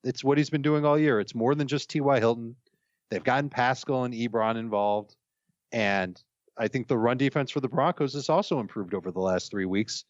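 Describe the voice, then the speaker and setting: A man on a sports chat panel, confidently laying out a steady argument. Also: mid-range voice, no echo, dull audio. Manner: confident, making a steady case.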